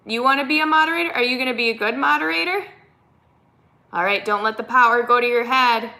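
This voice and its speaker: She talks fast, her voice on the high side and pushed and bright. A woman from the United States with a Minnesotan accent, she's hosting a casual live stream and chattily reading and answering viewer comments.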